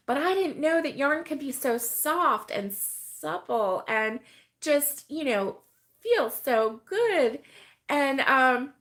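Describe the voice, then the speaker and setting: A woman's voice: high-pitched, lively intonation, takes it slowly, pauses often, fairly bright tone. A middle-aged woman hosting a casual crochet chat, rambling with many fillers and laughing often as she reads viewer comments. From United States. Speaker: host of a crochet live stream.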